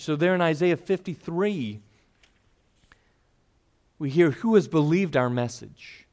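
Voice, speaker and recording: Expressive preacher, a man with a raised voice. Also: fairly high pitch, a little slow, long pauses. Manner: expressive, voices the people in the story. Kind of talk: sermon.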